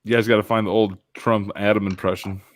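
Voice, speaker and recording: A man's voice: fairly low pitch, little pitch movement, a little fast, no echo. A man co-hosting a radio show in casual banter, making emphatic, incredulous complaints.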